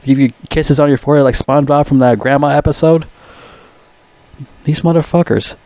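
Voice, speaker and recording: A man's voice: fairly high pitch, steady tone, fairly quick, darkish tone, dry recording. A man ranting about a TV show, swearing constantly, mocking the contestants and stumbling over his words. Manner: profane, mocking, puts on whiny voices. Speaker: vlogger. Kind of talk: ranting commentary.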